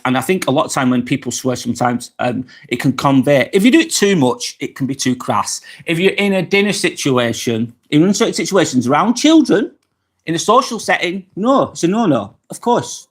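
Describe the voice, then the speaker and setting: A middle-aged man hosting a casual live vlog, talking frankly and swearing freely as he reads viewer comments. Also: mid-range voice. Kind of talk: casual live-stream chat reading comments. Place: apartment indoors.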